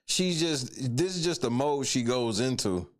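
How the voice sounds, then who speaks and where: A man's voice: mid-range voice, expressive, a little slow. A man reacting to a video in casual, profane, mocking chat, often breaking into laughter.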